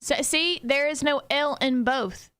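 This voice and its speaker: A woman with a Southern US accent co-hosting a morning radio show, sassy and quick to push back in casual banter. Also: sits high, fairly bright tone, no echo. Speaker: radio co-host.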